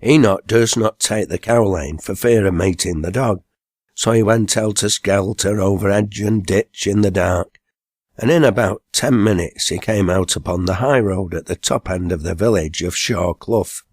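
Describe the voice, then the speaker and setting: A man narrating an audiobook in a measured, plain storytelling voice. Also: lowish voice, dry recording, studio quality. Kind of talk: scripted narration.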